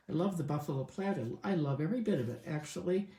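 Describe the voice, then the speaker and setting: A woman's voice: lowish voice, lively intonation, fast, few pauses, mellow, reverberant. A woman showing a craft step by step in a casual tutorial, chatting and thinking aloud as she works. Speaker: crafting demonstrator.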